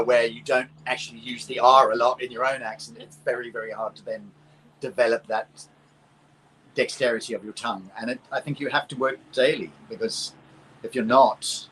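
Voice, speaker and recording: A man's voice: mid-range voice, fairly bright tone, a little hiss or hum, low-quality recording. A man with a British accent, an actor speaking as a guest in a casual interview, explaining things at length. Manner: thoughtful, explanatory. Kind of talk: conversational interview.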